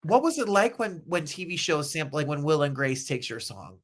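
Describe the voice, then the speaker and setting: A man's voice: fairly high pitch, big pitch swings, moderate pace. A man hosting an interview, playful and teasing, asking his guest questions in casual chat. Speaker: interview host.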